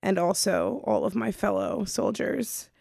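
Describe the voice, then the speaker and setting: A woman's voice: mid-range voice, a little slow, creaky, darkish tone, husky, dry recording, clean studio sound. A woman co-hosting a book podcast, talking casually and emphatically about how moved she was. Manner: emphatic, gushing. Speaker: podcast co-host.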